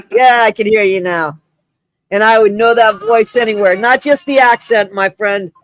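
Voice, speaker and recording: A man's voice: sits high, normal speed, dry recording. A man hosting a casual live stream, effusive and rambling, greeting viewers by name while short of breath. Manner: effusive, rambling, with many restarts and shout-outs.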